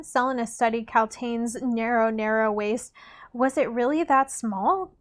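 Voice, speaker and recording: A woman's voice: on the high side, unhurried. A woman hosting a podcast, reading a novel aloud in a casual, unpolished way with stumbles and restarts.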